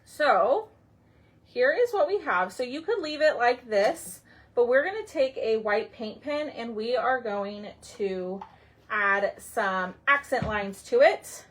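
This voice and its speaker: A woman with a slightly high, fairly bright voice leads a live craft session at an unhurried pace. Working as she talks, she addresses viewers by name and thinks out loud, often trailing away mid-thought.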